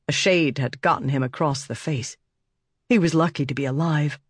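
A man narrating a fantasy audiobook in a steady, measured storytelling voice. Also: on the high side, husky, no echo, studio quality.

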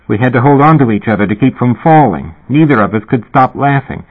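Man, audiobook narration, husky, dry and measured, tinny phone-like recording. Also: on the low side, expressive. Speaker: audiobook reader. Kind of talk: first-person novel narration.

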